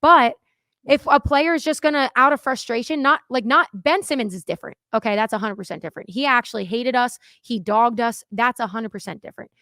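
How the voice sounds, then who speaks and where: A high-pitched woman argues baseball on a podcast, pressing her point again and again. Her voice sounds dry and close, with no room around it. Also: brisk, a bit bright, dry recording. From Philadelphia. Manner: emphatic, argumentative, repeats "that's my thing". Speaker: podcast co-host. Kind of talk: casual sports chat.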